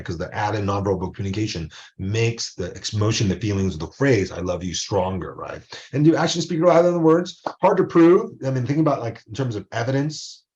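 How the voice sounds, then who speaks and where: Low-voiced male professor, muffled lecture. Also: darkish tone. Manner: loose, conversational, with frequent tag questions. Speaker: college professor. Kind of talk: recorded video lecture.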